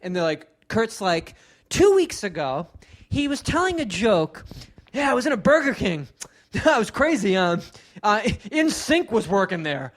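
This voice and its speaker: A man's voice: sits high, big pitch swings, a little slow. Rambling man telling a funny story. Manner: rambling, imitates people he quotes, laughs through punchlines. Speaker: podcast co-host. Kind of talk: casual storytelling chat.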